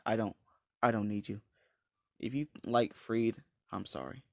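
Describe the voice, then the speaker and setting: A man's voice: on the low side, a little slow, vocal fry, a little mellow, no echo, studio quality. A man casually retelling a fan story, rambling, slangy and blunt, with many restarts and fillers.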